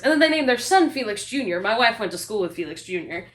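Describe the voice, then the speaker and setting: A woman vlogger chatting casually, telling a story full of fillers and quoting people in a higher voice. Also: sing-song, fast. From United States. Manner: chatty, lots of fillers, mimics other speakers with a higher voice.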